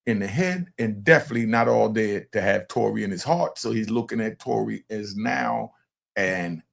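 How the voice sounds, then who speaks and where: Here the grandfather behind a true crime show speaks in a gravelly, lowish voice at a moderate pace. He delivers blunt, animated, streetwise commentary straight to camera for his viewers.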